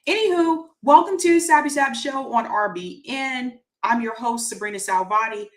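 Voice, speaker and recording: A woman's voice: a little high, expressive, moderate pace. A woman hosting a casual livestream, upbeat and chatty, reading out viewer comments and greeting people by name, laughing easily. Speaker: livestream show host. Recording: roomy echo on the voice.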